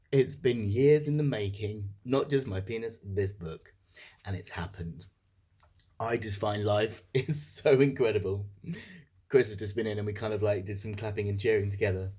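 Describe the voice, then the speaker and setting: A young man chats to his camera in a candid monthly vlog, joking about himself as he goes. His voice sits a little on the low side. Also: warm tone. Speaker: vlogger.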